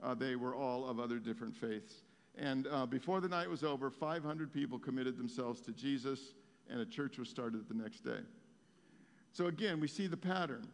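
A man's voice: mid-range voice, moderate pace, in a large hall. A man preaching a sermon as pastor, telling stories in a conversational way with many fillers and restarts.

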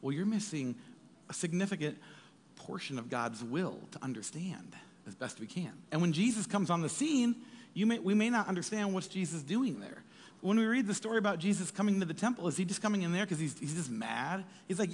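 Man, pastor, sermon, lively pitch, husky voice, long hall reverb, jokey asides. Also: brisk. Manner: animated, jokey preaching with acted asides.

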